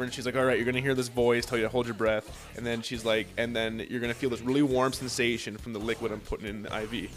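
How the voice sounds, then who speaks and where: A young man telling a long story in casual chat, swearing often and acting out what others said. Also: mid-range voice. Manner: profane, animated storytelling with acted-out quotes.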